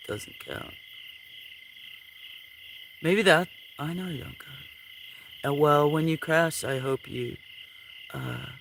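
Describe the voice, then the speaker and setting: A man hosting a late-night livestream outdoors, chatting with viewers in a sleepy, relaxed way and yawning often. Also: medium pitch. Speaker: livestream host. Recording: outdoor night ambience with insect noise. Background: crickets, frogs and insects.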